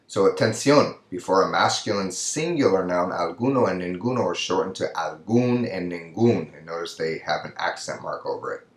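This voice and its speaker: A man with a very low voice gives a recorded lesson over slides, explaining step by step and often checking in with the listener. His voice rings in an echoey room. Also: lively intonation, normal speed, hardly any pauses. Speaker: Spanish teacher.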